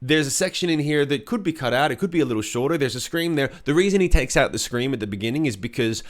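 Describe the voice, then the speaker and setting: A man co-hosting a podcast, a rock singer telling a studio story in a casual, profane, animated way. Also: mid-range voice, fast talker.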